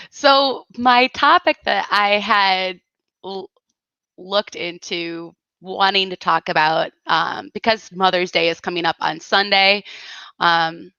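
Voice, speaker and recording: A woman's voice: mid-range voice, takes it slowly, vocal fry, pauses often, sharp tone, smooth, dry recording, highs cut off. Giggly, chatty woman livestreaming. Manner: chatty, giggly, rambling with many fillers. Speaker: livestream host. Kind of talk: casual livestream chat.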